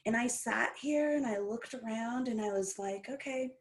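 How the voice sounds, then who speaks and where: A woman's voice: on the high side, moderate pace. A woman from Brazil, a professional wrestler and podcast guest, telling stories in casual talk and acting out what people said. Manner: animated, acts out quoted dialogue. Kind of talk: casual storytelling interview.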